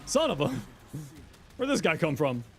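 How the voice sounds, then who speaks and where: A man streaming a video game live, chatting casually and reacting out loud, exclaiming and talking to himself as he plays. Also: on the high side, moderate pace, faint music behind. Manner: animated, exclaiming and talking to himself while playing. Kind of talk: casual live gameplay commentary.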